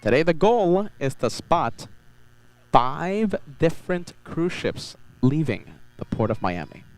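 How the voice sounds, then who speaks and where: A man's voice: on the high side, very animated, takes it slowly, rough recording. A man hosting an outdoor live stream from a beach, chatting upbeat and repeating his phrases as he reads viewer messages. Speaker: livestream host. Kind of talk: live spotting stream commentary.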